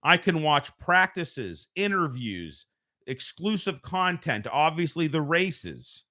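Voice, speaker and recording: A US man runs a casual live stream from home, talking slowly in a high, very animated voice that is bright and forceful. He rambles, corrects himself, and keeps it conversational, picked up by a home streaming microphone.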